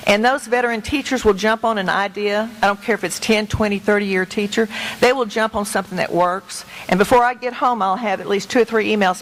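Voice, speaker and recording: A woman's voice: mid-range voice, brisk, slight background noise, rough recording. A middle-aged woman educator giving an earnest, emphatic talk to a meeting as a guest speaker, speaking conversationally. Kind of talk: public talk to a meeting with slides.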